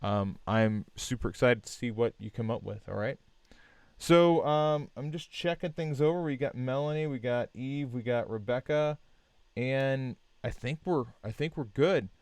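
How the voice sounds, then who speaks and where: Smooth-voiced man giving casual design feedback. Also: medium pitch, unhurried, dry recording. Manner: relaxed, many fillers and restarts, encouraging. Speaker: design instructor hosting a live feedback stream. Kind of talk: casual live-stream critique.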